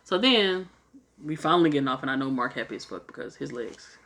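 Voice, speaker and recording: Young woman vlogger, low pitch, bright edge, animated delivery, salty casual storytelling. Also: fairly quick. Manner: animated, swears freely, acts out quotes. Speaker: vlogger telling a travel story.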